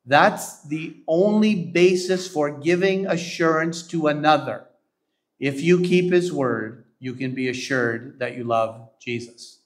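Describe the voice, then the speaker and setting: A pastor from Canada delivers a sermon in a slightly high male voice. He works through his points with emphasis and keeps asking the listeners if they agree. He slows down deliberately when he quotes scripture. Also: steady tone. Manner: emphatic, asks the congregation to agree.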